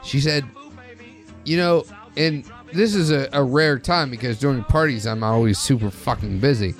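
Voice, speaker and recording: A man's voice: mid-range voice, normal speed, soft background music. A man hosting a podcast, chatting casually in a rambling way with frequent restarts and swearing. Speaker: podcast host. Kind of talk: casual chat.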